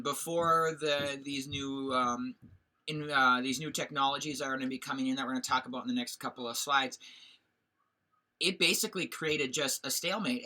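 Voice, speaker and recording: Male teacher, very sharp bright tone, casual rambling slide lecture full of fillers. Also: mid-range voice. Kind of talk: recorded history lecture over slides.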